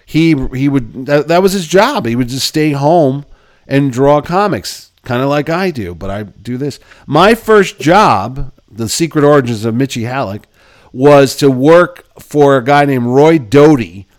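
A man in his fifties hosting a show, telling casual stories and acting out the people in them, combative and quick with a comeback. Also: medium pitch, expressive, no room sound, clean studio sound. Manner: self-described belligerent, quick with comebacks. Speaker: podcast host. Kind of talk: casual storytelling.

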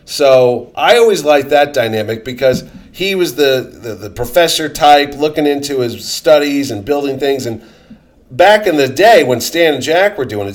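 A man co-hosting a casual podcast, reacting to comic book talk with incredulous, teasing banter. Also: medium pitch. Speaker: podcast co-host.

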